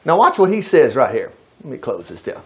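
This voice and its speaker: A man's voice: mid-range voice, a little fast. A man preaching a sermon, reading scripture and stopping to comment in a folksy, conversational way to his congregation. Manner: animated, breaks into acted quotes.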